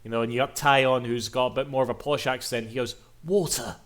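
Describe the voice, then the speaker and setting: A young Scot talks quickly in a medium-pitched, somewhat bright voice that stays fairly flat in pitch. He's streaming a game, chatting loosely, rambling, laughing and swearing frequently.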